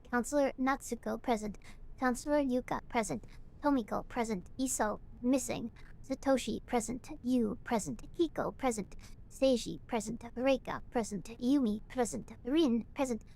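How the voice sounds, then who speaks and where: A woman voicing a solemn cult leader who gives a slow, grave farewell sermon while she reads game text aloud. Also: a little high, darkish tone, voice pushed down, close to an everyday voice. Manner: slow, grave, preaching delivery.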